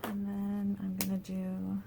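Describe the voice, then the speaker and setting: A woman demonstrating paper crafts in a casual tutorial, chatty and thinking aloud with soft asides under her breath. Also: mid-range voice, completely flat delivery, takes it slowly, gravelly, background noise.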